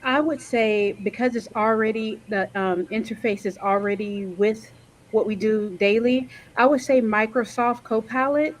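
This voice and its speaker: A woman on a panel, talking casually with many pauses and self-corrections, over a video call. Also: a little high, fairly even intonation, poor audio. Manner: hesitant, lots of um and self-corrections.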